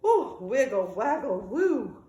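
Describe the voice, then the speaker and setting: A woman's voice: on the high side, moderate pace, echoey room. A woman reading as a kind young dog. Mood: worried. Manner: lively storybook reading with sound effects. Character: friendly young male dog, anxious but kind.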